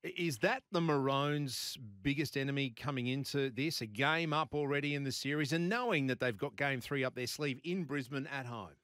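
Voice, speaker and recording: A man's voice: medium pitch, normal speed, hardly any pauses, fairly bright tone, no room sound, clean studio sound. A man with an Australian accent hosting a sports radio show, upbeat and playful as he leads the talk and takes calls.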